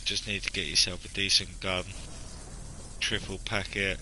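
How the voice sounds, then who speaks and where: A man's voice: deep voice, level tone, normal speed, pushed and bright, slight background noise, rough recording. A man streaming a zombie game, chatting casually with teammates, swearing and laughing as he rambles. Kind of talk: casual gaming chat with teammates.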